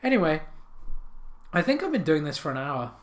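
A man's voice: fairly high pitch, very animated, a little fast. A man hosting a podcast, telling absurd rambling comic stories, swearing and laughing at his own jokes into a podcast microphone. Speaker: podcast host.

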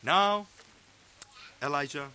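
A man preaching a sermon, fervent and emphatic, sometimes dropping to a low hush. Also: slow pace, a little hiss or hum. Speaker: pastor. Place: fellowship meeting hall.

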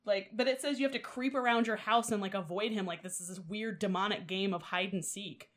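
A woman's voice: mid-range voice, fairly even intonation, fairly quick, a bit bright. A woman co-hosting a casual podcast, who swears freely, laughs often and acts out quoted lines. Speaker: podcast co-host. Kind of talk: casual chat and story reading.

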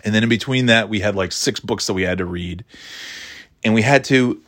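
A man's voice: on the low side, brisk, fairly bright tone. A man in his forties telling a story from his school days in a rambling, profane, self-mocking way. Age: 40s. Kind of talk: casual storytelling.

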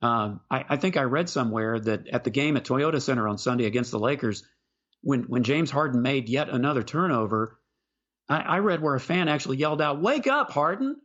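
A man co-hosting a sports podcast, talking basketball in a casual, halting way and often repeating words as he starts a sentence. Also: mid-range voice, fairly bright tone, muffled recording.

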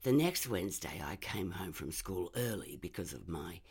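A woman reading a first-person short story aloud in a measured, expressive way. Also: rumbling low, breathy edge.

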